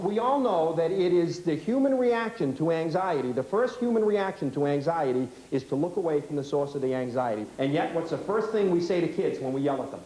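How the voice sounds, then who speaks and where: Brisk man teaching in an echoey hall. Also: sits high, mellow. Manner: brisk, rapid-fire questioning. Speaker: workshop leader. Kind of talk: teaching workshop with audience role-play.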